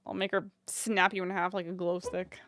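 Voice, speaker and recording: A woman's voice: fairly low pitch, flat delivery, moderate pace, fairly bright tone, slight background noise. A woman streamer chatting casually with her viewers, swearing freely and laughing often.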